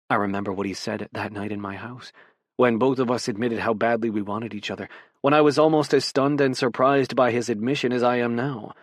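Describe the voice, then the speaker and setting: A man narrating a romance audiobook in the first person, soft and intimate in delivery. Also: medium pitch, fairly even intonation, brisk, no echo, clean studio sound.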